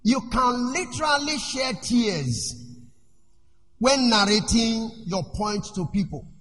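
A male preacher giving a sermon in an animated way. He asks the congregation questions and lets them finish his sentences. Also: extremely high pitch, slow pace, soft background music. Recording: echoey hall with faint noise.

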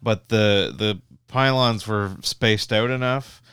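A man's voice: lowish voice, slow, a bit bright, smooth, dry recording, clean studio sound. A young Canadian man telling long, rambling road stories in casual chat, swearing freely and full of "like" and restarts.

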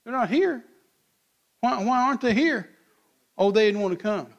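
A man's voice: very high-pitched, lively intonation, normal speed, vocal fry, lo-fi sound. A man, preaching in church in a blunt, folksy way and acting out both sides of quoted back-and-forth. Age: 60s. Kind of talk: sermon.

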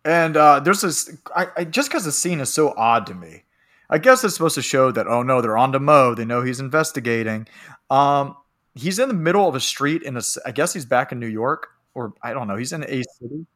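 Regular guy laughing thru a loose movie recap, mid pitch, just chatting. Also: animated, brisk, a bit bright. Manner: rambling, laughs often, acts out quotes. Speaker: podcast co-host. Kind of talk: casual chat recapping a film.

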